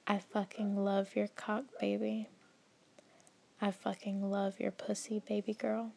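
A woman from the Southern United States with a slight Southern accent, casually reading a list in a vlog, her soft voice often dropping into whispers. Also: mid-range voice, monotone, a little slow, creaky. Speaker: vlogger.

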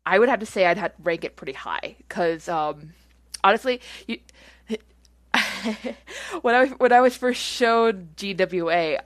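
A woman's voice: mid-range voice, measured pace, no echo, clean studio sound. A woman chatting casually as she answers listener questions. She rambles with lots of fillers and giggles. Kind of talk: casual chat.

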